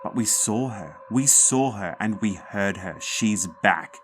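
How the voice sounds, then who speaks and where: A man voicing a shaken but steady father who speaks calmly. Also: fairly low pitch, slow pace, a little hiss or hum.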